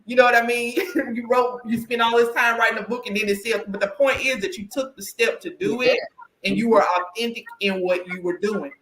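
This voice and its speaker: A woman with a Southern country twang hosts an interview in a chatty, emphatic way, often checking in with "right?". Her voice is bright and forceful. The sound carries a noticeable room echo. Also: on the high side, steady tone, fairly quick. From Southern United States. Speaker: podcast host and career coach. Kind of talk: conversational interview.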